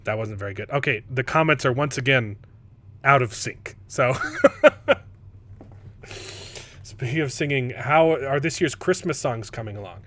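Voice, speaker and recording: A man hosting a casual panel chat, animated and mocking, often stumbling over words and restarting. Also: mid-range voice, unhurried, long pauses. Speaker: host.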